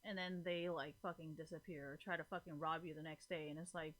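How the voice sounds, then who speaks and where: A woman streamer chatting casually to her live audience, rambling, swearing freely and filling nearly every pause with "like". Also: low-pitched, steady tone, a bit bright. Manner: rambling, profane, fills every gap with "like".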